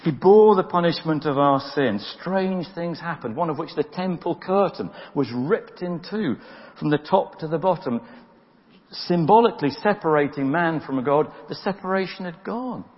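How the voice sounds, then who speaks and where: A man's voice: fairly high pitch, animated, normal speed. A man preaching a sermon in an earnest, plain-spoken way, often repeating words as he presses a point. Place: church. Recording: dull lo-fi audio with long church reverb.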